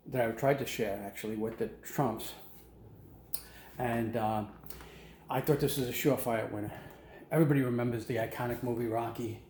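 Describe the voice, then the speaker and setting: A man's voice: mid-range voice, dark tone. A man telling a rambling comic story at home, full of fillers and self-deprecating asides. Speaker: comic monologue host. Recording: echoey room with faint noise.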